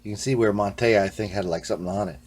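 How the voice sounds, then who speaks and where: A man's voice: fairly low pitch, quick pace, darkish tone. A man hosting a casual guitar-repair vlog. He talks in a laid-back, rambling way, ends most sentences with "man", and now and then drops into a muttered whisper.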